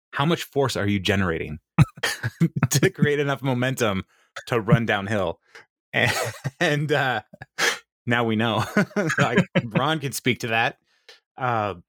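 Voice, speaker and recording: A man's voice: mid-range voice, a bit bright, no room sound, clean studio sound. A man co-hosting a podcast, recapping a TV episode in casual chat and laughing often as he retells scenes. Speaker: podcast co-host.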